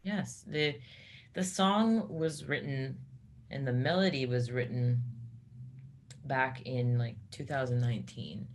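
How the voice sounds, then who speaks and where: A woman who sings in a metal band, speaking in a casual interview and telling a personal story haltingly, with many restarts. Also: a bass voice, a little hiss or hum.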